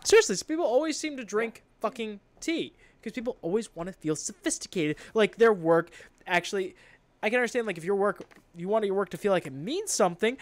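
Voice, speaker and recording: A man's voice: very high-pitched, fairly bright tone, no room sound. A man co-hosting a podcast in casual chat, ranting with plenty of swearing and exasperation. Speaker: podcast co-host.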